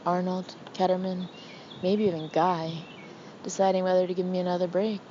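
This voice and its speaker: A woman narrating an audiobook in the first person, with an expressive, intimate, anxious delivery. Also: lowish voice, moderate pace, highs cut off, background noise.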